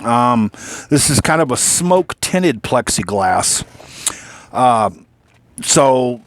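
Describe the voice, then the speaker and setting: A man's voice: medium pitch, animated, drawn-out words. A man casually walking through a PC he built, rambling, restarting his sentences and swearing now and then. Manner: rambling, filler-heavy, frequent restarts and mild swearing. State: has the hiccups. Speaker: PC builder showing his own build. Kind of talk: casual hands-on build walkthrough.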